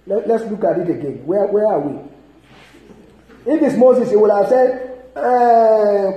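A man preaching a sermon, emphatic and animated, reading and expounding scripture. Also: high voice, normal speed. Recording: echoey hall.

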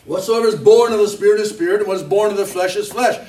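A middle-aged male preacher with a fairly high voice delivers a chatty, self-mocking sermon, peppered with amens and hallelujahs. He sounds set back from the microphone, so the church hall's echo hangs around every phrase and adds a roomy ring. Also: quick pace, warm tone. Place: church hall. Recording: roomy echo, distant mic.

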